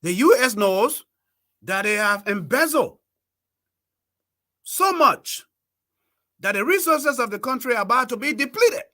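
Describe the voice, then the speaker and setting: A man giving emphatic political commentary as a talk show host. He swings from low muttering to shouting. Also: big pitch swings, measured pace, pauses often.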